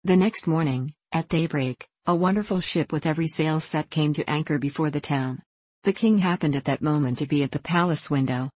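Woman narrator, low voice, fairy tale reading, measured, dry close sound. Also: a little mellow, husky, no echo.

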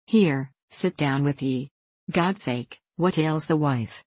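A woman plays a forthright, loyal Scottish housekeeper with a low, husky voice. She scolds and laments in plain broad speech, read close and dry for a storybook. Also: takes it slowly, darkish tone, no echo, full character voice. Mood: alarmed.

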